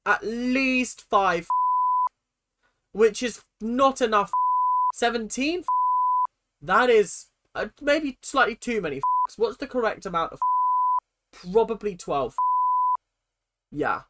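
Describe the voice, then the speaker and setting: A woman's voice: on the high side, lively intonation, unhurried, long pauses, very noisy. A woman hosting a reaction video, giving sarcastic, giggly, mock-outraged commentary.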